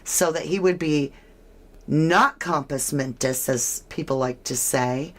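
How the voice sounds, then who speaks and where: Woman, true crime commentator, low voice, unhurried delivery, speculative casual talk. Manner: animated, speculative, asks the listener questions.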